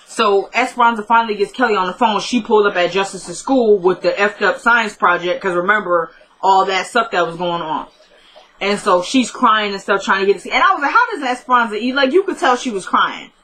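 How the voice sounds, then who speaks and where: A woman's voice: mid-range voice, fairly quick, fairly bright tone, slight background noise, rough recording. A woman casually recapping a TV episode in a chatty, conversational storytelling manner. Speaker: show recap host.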